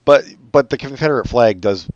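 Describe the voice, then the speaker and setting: A man co-hosting a podcast, chatting casually with sardonic, deadpan asides. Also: medium pitch, fairly quick, muffled recording, very noisy. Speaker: podcast co-host. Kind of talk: casual chat.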